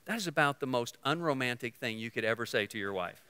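A male pastor preaching a sermon, swinging from loud to hushed and leading the congregation in call-and-response. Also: medium pitch, expressive, fast, smooth. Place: church sanctuary. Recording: long church hall reverb.

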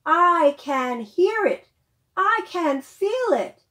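A woman voicing a big male lion who speaks in a slow, loud purr, reading a picture book aloud. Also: extremely high pitch, very animated, voice pushed up, heavily acted. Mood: calm. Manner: slow, loud purring speech.

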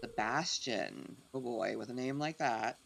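A woman streaming a game, chatting excitedly and poking fun at herself. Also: very deep voice, unhurried, vocal fry. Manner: chatty, self-deprecating, excitable. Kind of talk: casual game commentary.

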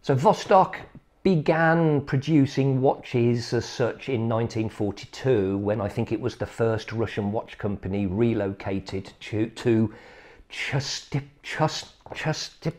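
A man talking through a watch review in a relaxed, unhurried way. He rambles, corrects himself and laughs at his own slips. His pitch sits in a middling range. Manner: rambling, self-deprecating, chuckles at himself. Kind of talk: casual chat.

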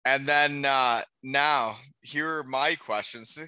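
A man's voice: medium pitch, steady tone, slow, sharp tone, clean tone, no room sound. A man hosting a podcast, teasing his guest with joking banter. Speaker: podcast host. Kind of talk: casual chat.

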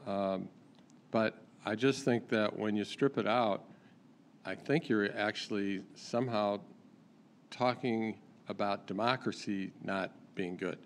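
A man's voice: lowish voice, slow. A man putting a challenging question to a speaker at a public Q&A, thinking aloud as he talks. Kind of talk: public talk Q&A.

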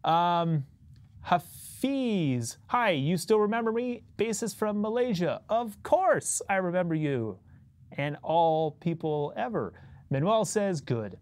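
Speaking slowly with big pitch swings and a darkish tone, a man hosts a bass-playing stream from a recording studio. He chats loosely and rambles with his viewers, chuckling a lot.

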